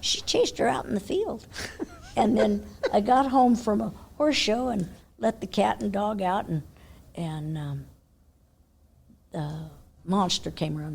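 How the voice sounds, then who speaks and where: An older woman from California tells a rambling story as an interview guest, her voice husky and a bit low. She laughs often and drops to a near whisper when voicing her own thoughts. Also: a little mellow. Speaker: interview guest, horse trainer. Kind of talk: casual storytelling.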